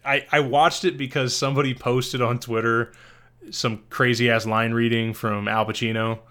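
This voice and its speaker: A man's voice: mid-range voice, little pitch movement, normal speed, pushed and bright, clear, resonant tone. A man co-hosting a podcast, giving casual, rambling movie recommendations and correcting himself as he goes. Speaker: podcast co-host.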